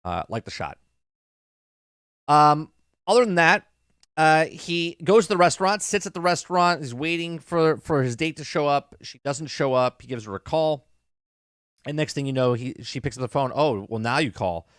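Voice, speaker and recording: A man's voice: a little high, animated, moderate pace, a bit bright, no echo, clean studio sound. A man in his thirties casually retelling a TV episode, rambling with lots of fillers. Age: 30s. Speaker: show reviewer.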